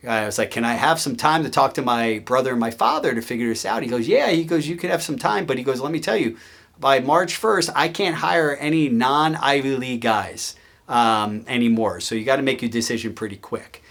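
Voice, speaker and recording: A man recounts a story from his own life in relaxed, conversational storytelling. He gets animated and voices the people in it, with everyday fillers and restarts. His voice sits at an ordinary middle pitch. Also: a little fast. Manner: animated, acts out quoted voices. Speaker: host. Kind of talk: casual storytelling.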